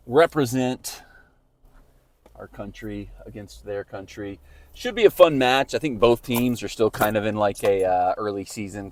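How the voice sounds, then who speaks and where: A man's voice: fairly low pitch, darkish tone. A man hosting a casual match-day vlog outdoors, talking in a rambling way with lots of "like" fillers. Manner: chatty, rambling with frequent "like" fillers. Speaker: vlogger host. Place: outdoors around town.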